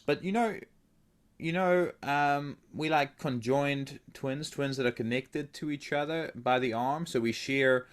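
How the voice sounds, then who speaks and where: Male co-host, mid-range voice, playful improvised podcast talk. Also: mid-range voice. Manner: joking, teasing, with many fillers and laughs.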